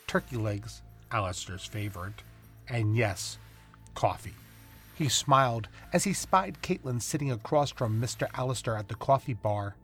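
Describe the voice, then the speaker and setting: Guy reading a story out loud, steady mid voice, faint music behind. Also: mid-range voice. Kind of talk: storybook narration with voiced characters.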